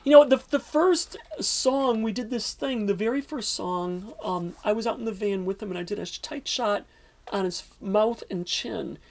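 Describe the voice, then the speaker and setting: A man's voice: high voice, moderate pace, vocal fry. A man interviewee telling a long story in casual talk, rambling with many fillers and restarts.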